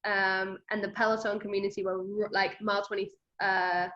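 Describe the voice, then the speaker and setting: Woman host, lively storyteller, slightly muffled recording. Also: mid-range voice, a little fast. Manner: animated, quotes herself in lively bursts. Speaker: running coach and podcast host. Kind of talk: emotional conversational storytelling. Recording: slightly dull lo-fi audio.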